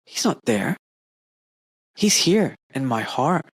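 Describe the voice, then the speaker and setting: A man hosting a podcast, talking in a casual, animated way with rising, emphatic questions. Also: mid-range voice, slow, breathy edge, dry recording. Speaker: podcast host; doctor. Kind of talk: casual conversation.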